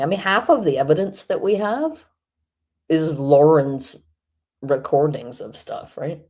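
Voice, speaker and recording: A woman's voice: sits low, lively intonation, unhurried, mellow. A woman hosting a stream, giving mocking, sarcastic commentary on a video clip. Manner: sarcastic, mocking, laughs often. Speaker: host reacting to a video.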